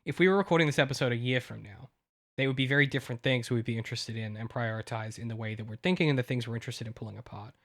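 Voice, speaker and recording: A man's voice: medium pitch, racing, fairly bright tone. A male podcast co-host and novelist in casual chat, talking emotionally in long rambling runs full of restarts.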